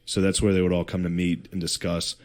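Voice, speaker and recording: A man co-hosting a podcast tells history in a casual, comedic chat, using profanity and slang, putting on voices for quotes, laughing, and tossing in joking asides. His voice is low, a little mellow and flat, and he speaks briskly.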